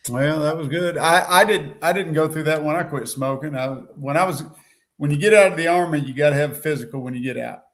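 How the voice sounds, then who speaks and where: A man's voice: a little high, fast. A man in casual conversation, recounting a story in a plain, matter-of-fact way. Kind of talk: casual chat.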